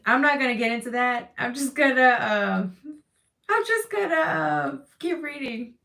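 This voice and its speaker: A woman with a fairly high voice leads a live tarot reading and talks straight to her viewers. She speaks with emphatic reassurance, repeats her key phrases and swears in a casual way. Her delivery runs emotional, and she often sounds close to tears. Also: lively intonation, a little slow, gravelly, pushed and bright. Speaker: tarot reader.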